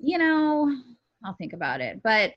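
A woman's voice: a little high, very animated, measured pace, no room sound, dull audio. A woman co-hosting a casual chat, blunt and sarcastic, swearing freely. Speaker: podcast co-host.

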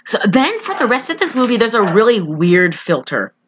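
A woman's voice: on the high side, big pitch swings, a little fast, background noise. A woman co-hosting a casual podcast, chatting and joking through a movie recap with lots of fillers. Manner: chatty, jokey, lots of "like" and restarts. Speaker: podcast co-host.

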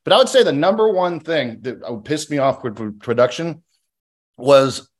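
A man's voice: fairly high pitch, big pitch swings, moderate pace. A man in his thirties, a guest in a casual podcast chat, talking bluntly and swearing freely.

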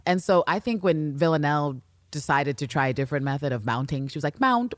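A young woman co-hosting a podcast, recapping a show with loud, profane, animated chat and acting out scenes in voices. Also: sits low, fast talker, a little hiss or hum. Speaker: podcast co-host. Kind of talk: excited casual recap chat.

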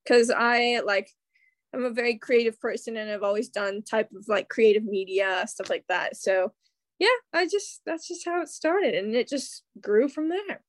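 A woman's voice: fairly high pitch, moderate pace, dry recording. A young American woman, a guest on a podcast, telling her story in casual chat, full of "like" and "um". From Kansas City, USA. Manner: chatty, many fillers like "like" and "um". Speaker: guest, secondary English teacher.

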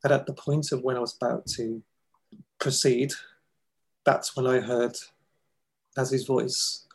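A man telling a personal story in an interview, earnest and halting, with emotional pauses. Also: medium pitch, flat delivery, slightly rough, low-quality recording. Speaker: guest, foundation founder.

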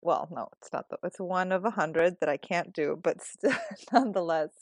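A middle-aged woman hosts a casual conversation, laughing easily and drawing out her guest with questions. Her voice sits a little low for a woman and the recording is dry and close, with no room sound. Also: normal speed, darkish tone, dry recording. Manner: giggly, friendly, asks questions. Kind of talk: casual chat.

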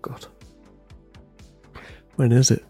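A man co-hosting a podcast in casual chat, with quick, dry banter. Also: warm tone, no room sound, soft background music. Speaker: podcast co-host.

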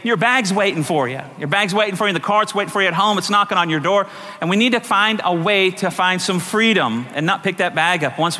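A man's voice: a little high, bright, forceful tone. A man preaching a sermon as pastor in a church, often calling out for an amen. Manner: preaching with repeated call-outs for amen. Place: church sanctuary. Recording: echoey church hall.

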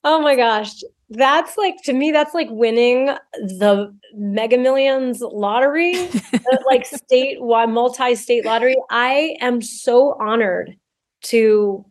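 A woman author talking as a podcast guest, expressive and talkative. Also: on the high side, takes it slowly. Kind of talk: podcast interview.

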